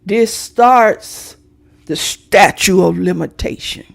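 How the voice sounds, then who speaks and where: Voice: mid-range voice, slow pace, creaky. A middle-aged vlogger ranting to viewers in a brash, profane, theatrical way, straight into a phone or webcam.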